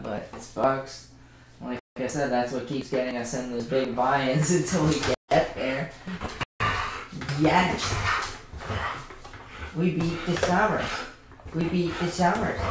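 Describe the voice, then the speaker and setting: A man drawls through a home poker stream, slipping into soft, doting baby talk for his dogs between hands. His voice carries a roomy echo over steady background noise. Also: medium pitch. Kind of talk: casual live-stream chat with poker commentary.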